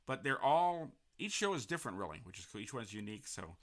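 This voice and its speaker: A man's voice: mid-range voice, sing-song, quick pace, fairly bright tone. A man hosting an interview podcast in a casual, rambling way, full of restarts and fillers. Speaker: podcast host.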